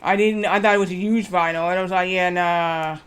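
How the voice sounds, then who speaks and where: A man streaming live, chatting casually and reading aloud haltingly with lots of fillers. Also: high voice, steady tone, a bit bright, clear, resonant tone. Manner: rambling, reads aloud haltingly with many fillers.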